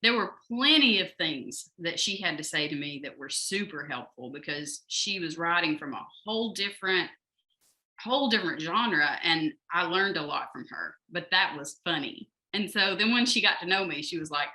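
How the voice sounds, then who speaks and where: A woman's voice: lowish voice, animated, moderate pace, sharp tone, poor audio. A woman with a North Georgia Southern accent, chatting on a panel as a novelist, laughing often. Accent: Southern American, North Georgia. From North Georgia, USA. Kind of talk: casual panel discussion.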